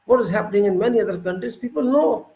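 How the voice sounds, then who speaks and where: A man's voice: high-pitched, expressive, quick pace, dark tone, reverberant, rough recording. A man from India giving an emphatic, unscripted political monologue, firing off rhetorical questions. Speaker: political commentator.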